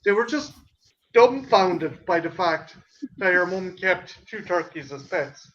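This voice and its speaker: A man telling a family story in casual chat, animated and swearing, acting out his parents' voices. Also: high voice, a little slow, highs cut off, slight background noise. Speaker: host.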